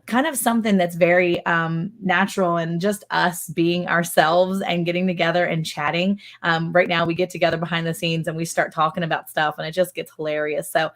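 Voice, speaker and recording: A woman hosting a casual livestream chat, excited and chatty, with lots of fillers. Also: fairly low pitch, brisk, few pauses. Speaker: livestream host.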